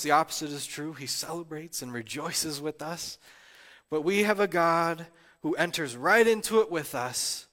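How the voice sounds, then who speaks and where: A male pastor with a fairly high voice preaches a heartfelt sermon, close to tears, stumbling and restarting as he shares personal struggles. His voice rings out with a long reverb, as if in a church sanctuary. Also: fairly bright tone. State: tearful, near crying.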